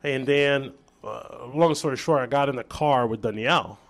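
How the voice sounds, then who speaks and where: A man from Brazil, a chef guest on an interview show, telling a story in casual chat with lively restarts and acted-out dialogue. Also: mid-range voice, normal speed. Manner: animated storyteller, acts out quoted dialogue, many restarts.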